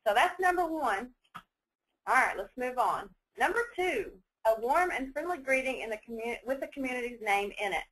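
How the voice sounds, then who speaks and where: A woman leading a phone-skills training webinar, chatty and quick, laughing now and then. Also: a little high, expressive, a bit bright, rough recording. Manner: fast-talking, chatty, laughs often.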